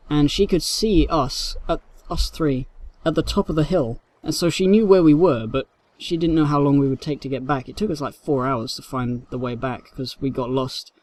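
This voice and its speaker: A man's voice: fairly high pitch, moderate pace, a little mellow. A young man from England with a London accent, casually rambling through viewer questions in a Q&A vlog. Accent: London English. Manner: rambling, self-deprecating, reads questions aloud. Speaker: YouTuber answering viewer questions.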